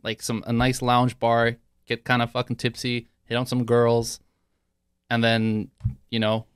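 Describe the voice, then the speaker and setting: Smooth-voiced easygoing young man. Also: mid-range voice, monotone, no room sound, clean studio sound. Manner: easygoing, profane, quick to laugh. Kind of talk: casual banter.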